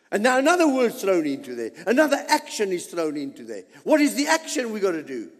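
A man's voice: fairly high pitch, in a large hall. A man preaching a sermon as pastor, emphatic and dramatic, dropping suddenly to near whispers.

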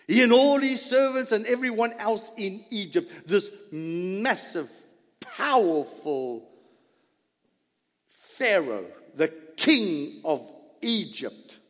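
A man delivers a dramatic first-person sermon in a high, animated voice, leaning hard on rhetorical questions. He stretches out key words with emphatic weight. The sound rings with the long reverb of a hall. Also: takes it slowly. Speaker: preacher.

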